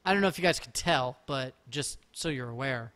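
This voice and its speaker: A man's voice: medium pitch, lively intonation, brisk, fairly bright tone. Chatty, rambling male game streamer. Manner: rambling, chatty, self-mocking jokes. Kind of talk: casual live-stream commentary.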